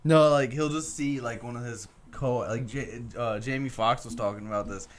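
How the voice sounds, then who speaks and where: A man co-hosting a casual podcast, telling stories with lots of energy and doing loud impressions. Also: medium pitch, moderate pace. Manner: animated storyteller, mimics people loudly. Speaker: podcast co-host. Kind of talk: casual banter among friends.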